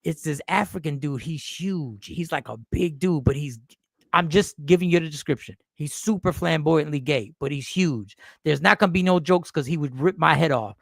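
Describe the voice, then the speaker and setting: Gravelly animated man host storytelling. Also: a little high, moderate pace, no echo, clean studio sound. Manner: animated storyteller, repeats himself. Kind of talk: casual storytelling chat.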